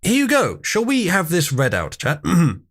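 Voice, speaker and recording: A man's voice: on the high side, wildly swooping pitch, normal speed, a bit bright. A young man hosting a live stream, wryly reading memes and chat messages aloud with theatrical emphasis. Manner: wry, mock-outraged, reads memes aloud with theatrical emphasis. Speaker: livestream host.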